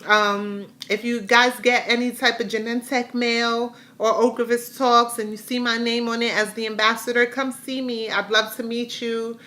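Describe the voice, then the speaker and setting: A woman's voice: on the high side, little pitch movement, moderate pace, hardly any pauses, pushed and bright. A middle-aged woman chatting casually in a rambling, heartfelt way while giving a personal health update to her viewers. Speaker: vlogger sharing a health update.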